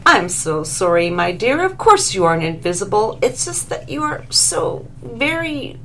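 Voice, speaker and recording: A woman's voice: medium pitch, very animated, a little slow, a bit bright, slight background noise, voice pushed up. A woman voicing an eager, gushing, genteel female divine being in a read-aloud story.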